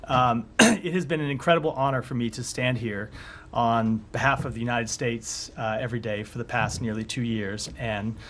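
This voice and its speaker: A male government spokesperson answering questions at a press briefing, measured with frequent fillers, hoarse and clearing his throat. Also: medium pitch, fairly bright tone, slight background noise. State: hoarse, coughing. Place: briefing room.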